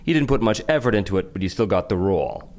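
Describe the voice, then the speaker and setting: Low lively-pitched podcast host man. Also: fast talker. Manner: laughs easily, playful. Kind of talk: interview, reading listener questions.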